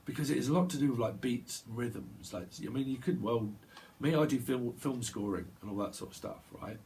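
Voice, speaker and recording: A man's voice: mid-range voice, brisk, a little mellow, a little hiss or hum. Rambling man giving a tarot reading. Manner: stream-of-consciousness, repeats sounds, laughs to himself. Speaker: tarot reader. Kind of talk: rambling intuitive tarot monologue. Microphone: solo video recording.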